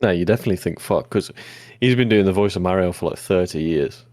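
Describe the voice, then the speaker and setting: Fast-talking deep-voiced man. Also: darkish tone. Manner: quick, blunt and sweary banter. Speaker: podcast co-host. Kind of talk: casual chat.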